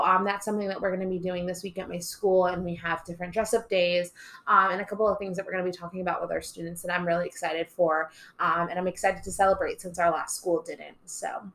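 A woman's voice: medium pitch, fairly bright tone. A young woman, a teacher, chatting casually on a podcast, telling stories and acting out voices. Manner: chatty storyteller, acts out voices and swears for laughs.

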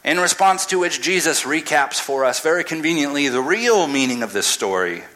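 A man's voice: on the high side, expressive, normal speed, pushed and bright, low-quality recording. A man giving a casual, humorous sermon, retelling a scripture story dramatically.

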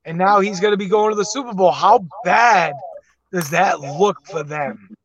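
A man's voice: high voice, normal speed, highs cut off, a crowd in the background. A male co-host musing casually about football trades. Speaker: podcast co-host. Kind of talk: casual sports chat.

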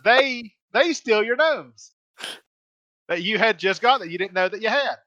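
Give me a man rambling through a story on a podcast, with a bright, forward voice. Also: sits high, animated, a little slow, dry recording, lo-fi sound. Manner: rambling storyteller with many restarts and fillers. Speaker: podcast co-host. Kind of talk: casual chat.

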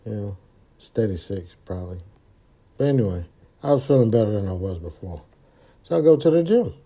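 A man tells a story on his podcast in a mellow, darker voice. He is profane and animated and acts out his own thoughts in quick bursts. His pitch sits in the middle for a man. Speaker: podcast host. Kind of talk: casual storytelling monologue.

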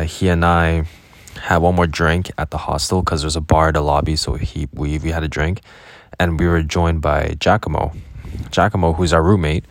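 A man's voice: deep voice, dry recording. A young man casually recounting his travels as a vlogger, rambling and correcting himself with many fillers. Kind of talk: casual spoken travel diary.

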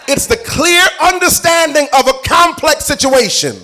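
A man preaching a sermon in an animated way, telling stories with playful asides and building up to shouting. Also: very high voice, normal speed.

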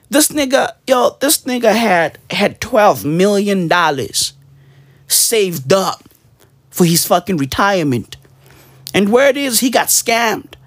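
A man delivering a profane, slang-heavy comedic rant on his weekly show, full of mock outrage and sudden high shouts. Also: dry recording, studio quality. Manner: profane, animated, peppered with slang. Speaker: comedy podcaster.

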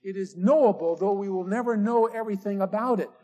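An older man preaching a sermon, slow and emphatic, drawing out the key words. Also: high voice, dark tone. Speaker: pastor. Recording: old sermon tape recording.

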